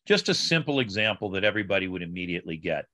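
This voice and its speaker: Bright-voiced man explaining like a teacher. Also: deep voice, big pitch swings, rapid-fire, no echo, studio quality. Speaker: Bible scholar guest. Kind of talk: podcast interview.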